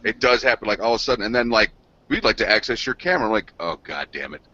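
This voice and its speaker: A man's voice: medium pitch, very fast, pushed and bright, dry recording. A man on a gaming news show, telling a rambling, profane story between laughs. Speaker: podcast co-host. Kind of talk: casual chat. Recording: dull lo-fi sound.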